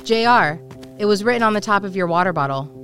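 A woman's voice: medium pitch, animated, fast, fairly bright tone, soft background music, lightly acted. A woman voicing a determined young survivor in an audio drama, cool and pointed as she questions a stranger. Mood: cool, defiant. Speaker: narrator and lead of an audio drama. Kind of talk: first-person audio drama narration and acting.

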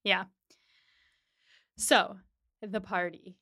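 A woman's voice: mid-range voice, steady tone, extremely slow, bright, forceful tone, no room sound, studio quality. A woman hosting a podcast, chattily recapping a TV episode and leaning on "like" as she talks. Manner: chatty retelling, heavy use of "like".

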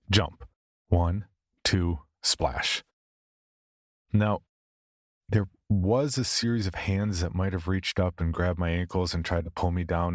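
A man with a very low voice reads a first-person horror story aloud. His delivery is wry, sardonic and offhand, like casual chat. The recording is close and dry. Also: no room sound. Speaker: narrator.

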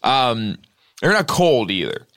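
A man's voice: medium pitch, big pitch swings, takes it slowly, fairly bright tone. Rambling comedic storyteller man. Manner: rambling absurd storytelling, many fillers. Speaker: podcast host. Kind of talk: comedic podcast banter.

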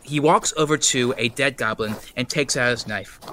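A man's voice: mid-range voice, moderate pace, bright, forceful tone, slight background noise. A man playing a tabletop game, describing his character's actions in a rambling, filler-heavy way. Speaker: player.

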